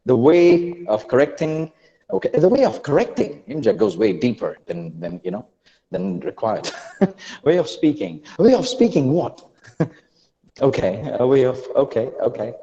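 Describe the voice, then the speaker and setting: A man leading a live online class, energetic and repeating phrases as he urges learners to answer quickly in the chat. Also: medium pitch, in a large hall, dull audio. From India. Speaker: online English trainer.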